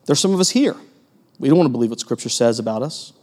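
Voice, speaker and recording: A man preaching a sermon as pastor, animated, acting out quoted voices and putting questions to the congregation. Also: medium pitch, fast talker. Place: church hall with long reverb. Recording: long hall reverb.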